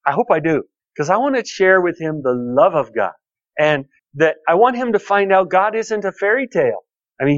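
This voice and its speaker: A man's voice: mid-range voice, dry recording, muffled recording. A pastor preaching a conversational sermon, repeating key phrases and telling personal stories to his congregation.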